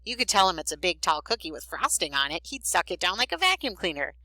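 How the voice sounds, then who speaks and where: A woman voicing a goofy, food-obsessed schoolboy who argues in a silly, animated way, in a storybook reading. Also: on the low side, quick pace, dry recording, pitched above the performer's own voice. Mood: mock serious.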